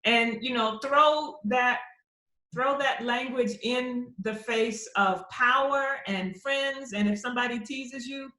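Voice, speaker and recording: A woman's voice: a little high, slow pace, bright, forceful tone. A middle-aged woman poet answering audience questions at a virtual book launch, telling stories and acting out the voices of people she quotes. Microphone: computer mic on a video call. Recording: roomy echo on a video call.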